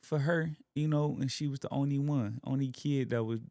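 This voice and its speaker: Talking earnestly and with emotion about faith and family, a young Alabama man is a guest in a casual, heartfelt podcast conversation. His mid-range voice is steady and mellow at a normal pace, recorded cleanly in a studio with no echo.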